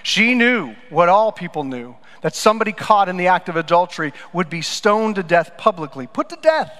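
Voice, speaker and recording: Man, pastor, sermon, higher-pitched voice, storytelling, loud bursts and soft asides, long church reverb. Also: expressive, normal speed. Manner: storytelling, swings between loud emphatic lines and quiet low asides. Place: church sanctuary.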